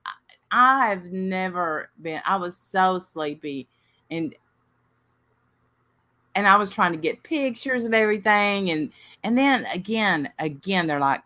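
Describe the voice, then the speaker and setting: A woman hosting a casual chat, telling a story with energy and loudly acting out what people said. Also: on the low side, measured pace, pauses often. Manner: animated, acts out quoted voices loudly. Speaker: host.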